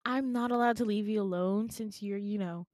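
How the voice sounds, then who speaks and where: A woman's voice: medium pitch, moderate pace, darkish tone, dry recording, studio quality, lightly acted. A woman voicing a ditzy, clingy female nurse in an acted-out dream retelling, bubbly and oblivious. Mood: chirpy.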